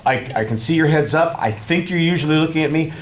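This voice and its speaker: A male public speaking instructor giving a student measured, frank feedback on a speech, with hedged praise. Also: on the high side, slight background noise. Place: classroom. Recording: echoey classroom.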